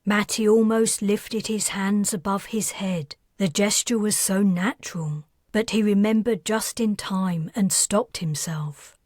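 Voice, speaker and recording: Slow, husky woman narrating a novel. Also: mid-range voice, dry recording, clean studio sound. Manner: steady, measured storytelling. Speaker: author narrating her own audiobook. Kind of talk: scripted narration.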